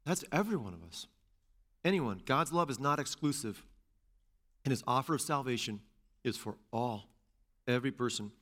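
A man's voice: medium pitch, animated, moderate pace, pauses often. Man preaching with repeated emphatic phrases. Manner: repeats phrases for emphasis, rising to loud stresses. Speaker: pastor and teacher. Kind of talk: sermon.

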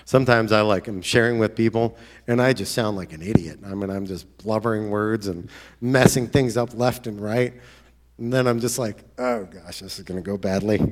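Guy preaching a sermon, lowish voice, chatty and earnest, gets all excited at times. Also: normal speed, noisy background. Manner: earnest, conversational, with sudden excited outbursts.

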